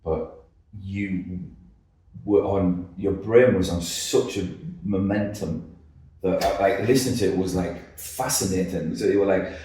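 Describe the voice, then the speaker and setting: A man chatting casually as a podcast co-host, telling lively stories and mimicking his friend. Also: low voice, a little slow. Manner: animated storyteller, mimics others with laughter. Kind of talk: casual chat. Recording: roomy, distant mic.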